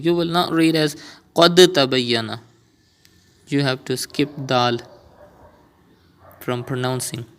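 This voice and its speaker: A man teaching a beginner Quran reading lesson, explaining rules step by step and patiently repeating each sound slowly for learners. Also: mid-range voice, a bit bright.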